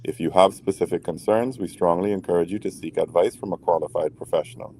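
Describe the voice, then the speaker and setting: A man's voice: deep voice, quick pace, warm tone, slight background noise. A man co-hosting a late-night relationship talk show, playful and prone to stammering restarts, still getting over a cold. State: recovering from a cold. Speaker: podcast co-host.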